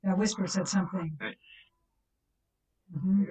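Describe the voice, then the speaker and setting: A woman hosting a live ghost-hunting session, asking spirits slow, soft questions and chatting with her viewers. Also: mid-range voice, steady tone. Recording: voice distant from the mic.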